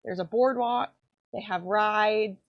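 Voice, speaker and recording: A woman's voice: mid-range voice, slow. A woman rambling casually with plenty of fillers while she works in her pen workshop. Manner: rambling, chatty, many fillers. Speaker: pen maker and channel host. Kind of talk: casual chat while working. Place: home workshop. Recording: dull lo-fi sound.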